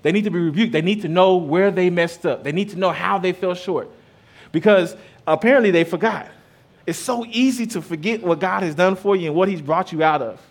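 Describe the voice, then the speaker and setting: A man in his thirties, working as a pastor, gives a sermon in a voice that sits high and moves a little fast. His delivery is chatty, pairing scripture with tales of his kids, and his volume keeps rising and dropping.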